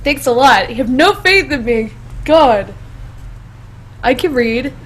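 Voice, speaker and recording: Young woman, podcast co-host, high voice, giggly, self-deprecating, casual banter. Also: animated, slow, fairly bright tone. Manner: giggly, self-deprecating, stumbles when reading.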